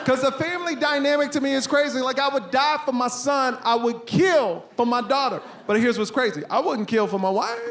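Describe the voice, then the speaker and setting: High-voiced man doing animated stand-up. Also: brisk, few pauses, a crowd in the background. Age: 40s. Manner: animated storytelling with loud punchlines. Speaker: stand-up comedian. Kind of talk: stand-up comedy set. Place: stage before a live audience. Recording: live stand-up recording with audience noise.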